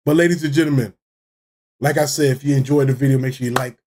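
A man's voice: medium pitch, quick pace. A man hosting a sports reaction video, talking casually, laughing and swearing as he reacts. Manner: excitable, laughing, swearing freely. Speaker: reaction channel host.

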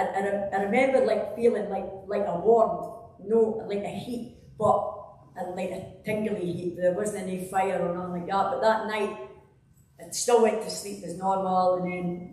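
A woman's voice: medium pitch, fairly even intonation, normal speed, warm tone, slight background noise. A Scottish woman giving a rambling, conversational church testimony, full of fillers and restarts. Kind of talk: personal testimony in a church service. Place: church hall. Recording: echoey hall, distant mic.

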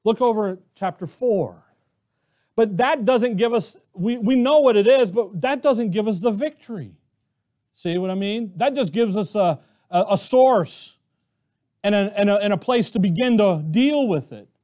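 A man's voice: high-pitched, expressive, normal speed, warm tone. A man preaching a sermon as pastor, emphatic, asking rhetorical questions and repeating phrases as he builds his point. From Arizona, US.

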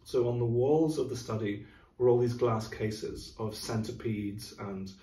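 An unhurried, mellow, mid-range voice belongs to a middle-aged music-director-type man having a casual, thoughtful talk about classical music and singing rhythms to illustrate. He's recorded far from the mic in an echoey room.

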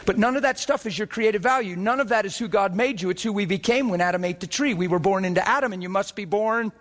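A man's voice: sits high, fast talker, a bit bright, big-room sound. A man preaching a sermon to a congregation, impassioned and full of rhetorical questions that rise to emphatic peaks. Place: church service before a congregation.

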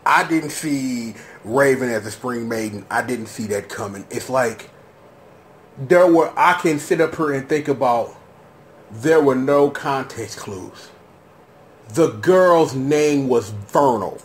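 A man hosting his own casual reaction commentary, slangy and rambling, breaking into high-pitched shouts of disbelief. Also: takes it slowly. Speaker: show host.

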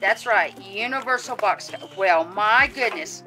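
Bright-voiced gushing woman vlogger. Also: fairly high pitch, expressive, measured pace, soft background music. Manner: gushing, chatty, frequent fillers and exclamations. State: teary, voice catching at times. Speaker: vlogger running a reborn doll channel. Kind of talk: casual happy mail unboxing. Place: outdoors.

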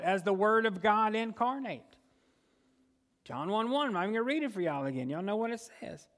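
A man's voice: high-pitched, a bit bright. A man preaching a sermon as pastor, conversational, often asking the congregation questions and answering them himself.

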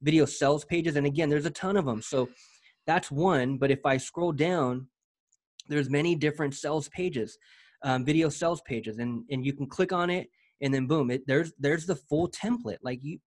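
A man giving a casual, energetic software walkthrough, talking in slang and often repeating his words as he goes. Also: on the high side, moderate pace. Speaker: presenter demoing software.

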